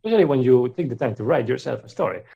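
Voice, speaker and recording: A man's voice: medium pitch, expressive, very fast, creaky, husky, lo-fi sound. A young man reading a fan fiction aloud for laughs, often breaking into giggles as he comments. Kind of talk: comedic dramatic reading with commentary.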